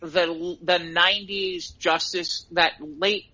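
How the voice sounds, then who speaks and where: A middle-aged man, a podcast co-host, telling excited stories in casual chat and laughing at them himself. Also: high voice, slow, dull audio. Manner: excitable storyteller, laughs at his own stories.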